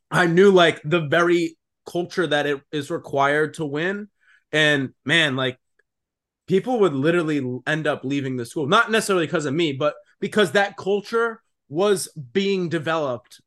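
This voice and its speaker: A man's voice: on the high side, a bit bright. A man in his twenties co-hosting a casual podcast, talking bluntly with lots of "like" and "dude" and free swearing. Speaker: podcast co-host.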